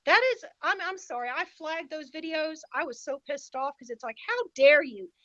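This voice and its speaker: Emphatic woman podcast guest with a high voice, dry and a bit lo-fi. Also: moderate pace, sharp tone, no room sound. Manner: emphatic and indignant. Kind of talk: casual podcast conversation.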